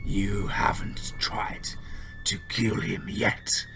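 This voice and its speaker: Man playing a mocking captor, whispery and dragged out, low, soft music under it. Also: fairly even intonation, creaky, heavily acted. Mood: menacing. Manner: slow, dry, half-whispered menace. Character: sinister, mocking man holding captives.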